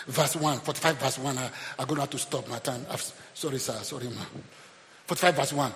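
A man preaching a sermon in a church, animated, rising to shouts and acting out the characters of the story he retells. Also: a little high, fast talker. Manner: animated, shouting peaks, acts out Bible characters. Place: church hall. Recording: long hall reverb.

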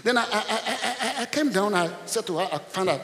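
A male pastor preaching a sermon in an animated way, bursting into shouts, repeating himself and calling out to the congregation. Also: high voice, brisk. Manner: addresses the congregation with call-and-response. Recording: long reverb of a large hall.

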